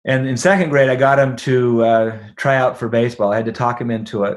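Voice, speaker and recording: A middle-aged man, a guest on a podcast, tells a personal story at an everyday pitch. He is animated, voices the other people in it and laughs as he goes. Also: brisk, hardly any pauses, lo-fi sound. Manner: animated, acts out quoted dialogue, laughs often. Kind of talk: conversational storytelling.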